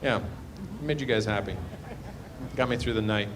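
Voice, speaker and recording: A man's voice: lowish voice, normal speed. A man doing loose, rambling stand-up crowd work in a comedy club, trailing off into muttered asides.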